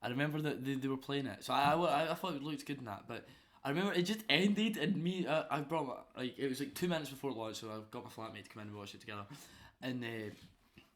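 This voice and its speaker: A man's voice: medium pitch, fast talker, hardly any pauses. A young man co-hosting a podcast, giving his opinions in rambling casual chat with frequent restarts. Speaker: podcast co-host.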